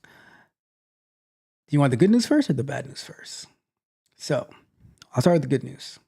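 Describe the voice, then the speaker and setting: A man hosting a live tech question-and-answer show, giving advice in a lively, mock-scolding way and often repeating phrases. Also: medium pitch, a little slow, vocal fry, husky. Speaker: host.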